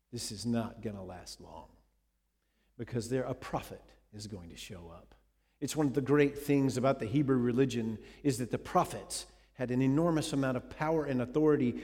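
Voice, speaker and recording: A man's voice: medium pitch, dark tone. A man preaching a sermon, retelling a scripture story dramatically and asking his listeners questions. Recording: long hall reverb.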